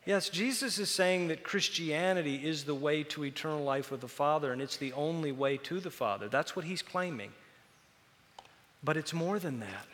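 A man preaching a sermon to a congregation, animated and joking as he tells stories. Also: a little high, normal speed, big-room sound. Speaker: pastor.

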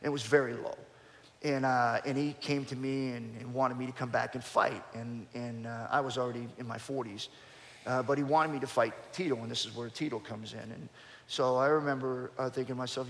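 A middle-pitched man in his fifties tells a story from his fighting days. He talks animatedly and restarts his sentences often. His voice carries a long hall reverb. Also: a little fast. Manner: animated storyteller, frequent restarts, jumps up in pitch and loudness when excited. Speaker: interview guest, former fighter. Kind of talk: storytelling in a conversational interview.

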